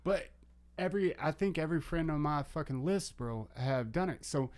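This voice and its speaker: A man's voice: fairly high pitch, animated, moderate pace, darkish tone. Young male co-host, easygoing and crude, chatty storyteller. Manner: profane, laid-back storyteller. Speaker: podcast co-host. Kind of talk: casual crude chat.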